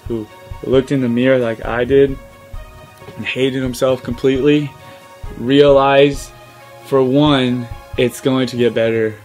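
An earnest young social media creator films a personal vlog to camera, emotional and choked up to the point of tears. His medium-pitched voice is flat, broken by many pauses and "um"s.

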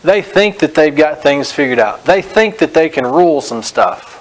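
A man preaching a Bible-teaching sermon, reading scripture slowly and stressing each phrase, then correcting common beliefs in a direct, plain way. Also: a little high, animated, poor audio. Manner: direct, corrective, frequent "notice". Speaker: pastor.

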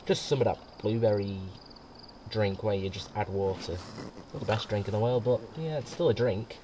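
A man's voice: on the low side, normal speed, noisy background. A man giving casual, rambling commentary over gameplay, chatting away and laughing often. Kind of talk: casual let's-play commentary. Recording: quiet home mic with music behind.

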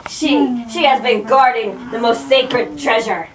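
Cheery outback wildlife presenter, done by a young woman, mock drawl, slow, roomy home video. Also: on the high side, a crowd in the background, close to an everyday voice. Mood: chirpy. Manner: mock Australian drawl with stock slang. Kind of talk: homemade comedy skit. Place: bedroom at a sleepover. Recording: echoey room, distant camera mic, noisy.

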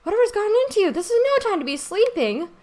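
A woman's voice: extremely high pitch, sing-song, fast, a little mellow, a little hiss or hum, pitched above the performer's own voice. Woman doing a fretful old-fashioned husband.

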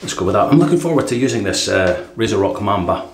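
A man hosting a casual shaving video, chatting in a relaxed way and often saying "right". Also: lowish voice, fast. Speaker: shaving vlogger. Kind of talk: casual shave demonstration. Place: home bathroom. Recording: echoey bathroom with faint water noise.

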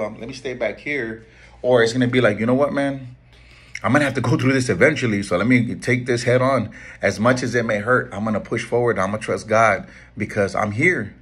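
Middle-aged barber, husky voice, earnest motivational mentor repeating his points. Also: medium pitch, a bit bright. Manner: earnest, pleading, repeats key lines. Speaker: barber and shop owner. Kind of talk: motivational talk to camera.

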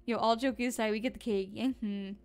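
A sleepy woman streamer chats loosely into a desk mic, giggling and apologizing as she rambles. Her voice sits a bit high and sounds smooth and clear. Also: fairly even intonation, a little fast. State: sleepy and tired. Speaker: live streamer. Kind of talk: casual live-stream chat.

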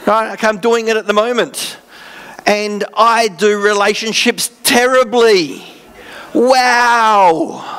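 An Australian pastor delivers a sermon with a fairly high voice. His preaching is earnest yet conversational, and he mixes in self-deprecating asides. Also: unhurried, fairly bright tone.

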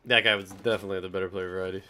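A young man streaming live gameplay, excitable and trash-talking as he taunts his opponents. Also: low-pitched, rapid-fire, background noise.

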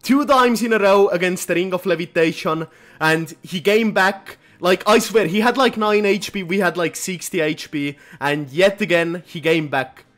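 A young man giving live commentary on his own gameplay, muttering one moment and shouting and swearing the next. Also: high-pitched, normal speed. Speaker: gaming YouTuber.

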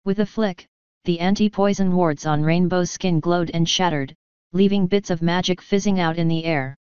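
A woman reading fan fiction aloud in a measured, even storybook narration. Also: lowish voice, clear, resonant tone, no echo. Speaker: fanfiction reader. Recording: dull lo-fi dry recording.

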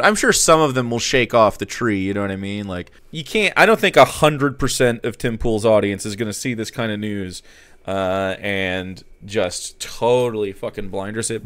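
A man's voice: medium pitch, a bit bright, clear, resonant tone, no echo. A man hosting live news commentary, reading an article aloud with sarcastic, profane asides. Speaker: streamer host.

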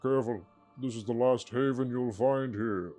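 An actor voicing a calm, grave male guide in a video game, giving slow, measured warnings. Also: mid-range voice, soft background music, close to an everyday voice. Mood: solemn.

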